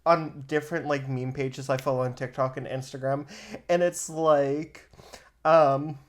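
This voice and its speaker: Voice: medium pitch, steady tone, a little slow. A young adult podcast co-host with a mid-range voice. They chat casually with a dry, wry humor and slip into storytelling.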